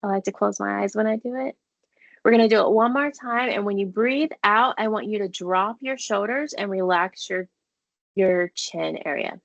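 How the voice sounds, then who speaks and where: A woman therapist presents a parenting webinar over a video call, guiding listeners through breathing exercises in an encouraging, conversational manner with y'all and playful asides. Her medium-pitched voice has vocal fry and a moderate pace, and the recording is muffled with no room sound.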